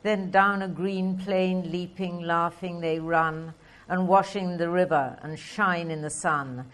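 A woman reads poetry aloud in a slow, measured way. Her voice sits low, and she lets each line settle before the next. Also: steady tone, a bit bright. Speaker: poetry reader. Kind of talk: poetry reading.

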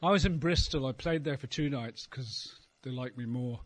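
Speaking at a medium pitch and normal speed, a middle-aged man from Ireland works through a wandering, dryly funny stand-up set full of swearing. He's a comedian and poet with a Dublin accent, performing for an audience at a live venue.

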